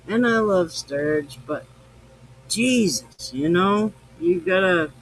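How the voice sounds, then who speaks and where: A man's voice: sits high, lively intonation, takes it slowly, a bit bright, a little hiss or hum, poor audio. A tipsy man hosting a live podcast, rambling, swearing freely and affectionate. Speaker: podcast host. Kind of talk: casual live-stream chat.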